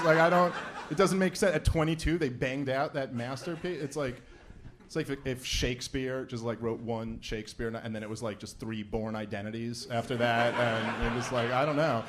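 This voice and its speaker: A man doing a live stand-up warm-up on a stage mic, loose and conversational with quick wisecracking asides. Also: medium pitch, a little hiss or hum. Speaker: stand-up comedian warming up a debate crowd. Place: event stage before a live audience.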